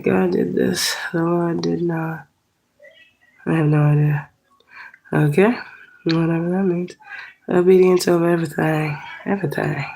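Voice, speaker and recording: A woman's voice: on the low side, gravelly, mellow. A woman in her thirties chatting casually on a livestream, rambling and profane, laughing often, congested from allergies. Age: 30s. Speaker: spiritual livestreamer. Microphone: phone.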